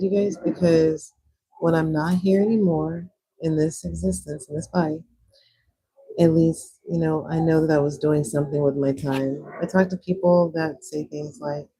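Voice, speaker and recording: Husky, mellow-voiced woman chatting on a livestream. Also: poor audio. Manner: chatty, reads out and answers chat comments; animated, jumps into high squeals of excitement. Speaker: livestream host. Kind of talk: casual chat while swatching watercolors.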